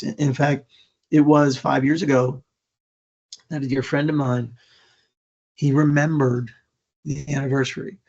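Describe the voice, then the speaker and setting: Man, earnest storytelling speaker, husky voice, stammering restarts, dull lo-fi sound. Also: medium pitch. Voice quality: gravelly, husky. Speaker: keynote speaker. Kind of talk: storytelling public talk. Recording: dull lo-fi recording.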